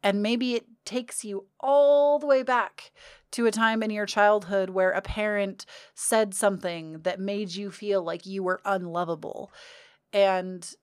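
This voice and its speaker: A woman's voice: mid-range voice, steady tone, unhurried, clean tone, no echo, clean studio sound. Earnest, confiding young woman vlogger. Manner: earnest, confiding, casual swearing. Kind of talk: candid self-help talk to camera.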